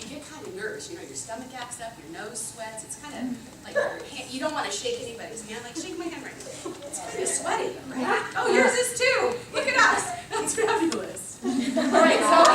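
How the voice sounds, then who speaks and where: Woman, high voice, motivational speaker, chatty and upbeat, distant camera in a boomy room. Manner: upbeat, chatty, asks the audience questions. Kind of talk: motivational talk to a room of girls. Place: classroom or meeting room without a microphone. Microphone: camera at a distance, no microphone. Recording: roomy, distant, noisy camera recording.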